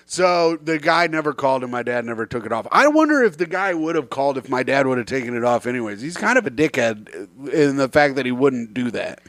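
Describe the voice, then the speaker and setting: A man's voice: mid-range voice, expressive, a little fast, hardly any pauses, a bit bright, dry recording. A man co-hosting a podcast, mocking his co-host with crude jokes and laughing at them himself. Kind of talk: casual crude banter.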